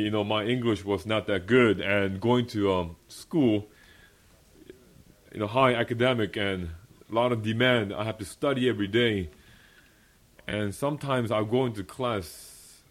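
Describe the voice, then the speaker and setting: At a fellowship meeting, a young adult male pastor offers a personal testimony sermon with earnest emphasis, frequent laughter, and repeated key phrases. His voice is on the low side.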